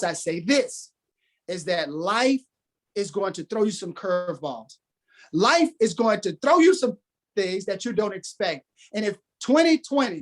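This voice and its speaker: A man who is a guest on a podcast, giving a motivational talk with emphatic, preacher-like delivery and repeated phrases. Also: sits high.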